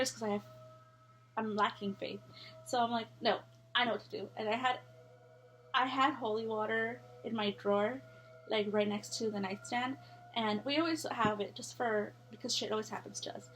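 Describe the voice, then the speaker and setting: A woman's voice: a little high, slight background noise. A young woman telling a scary story in a casual, rambling way, full of fillers and swearing.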